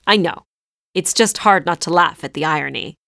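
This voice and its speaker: A woman voicing a calm, wry male driver from India, easygoing and teasing. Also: fairly low pitch, moderate pace, creaky, no room sound, studio quality.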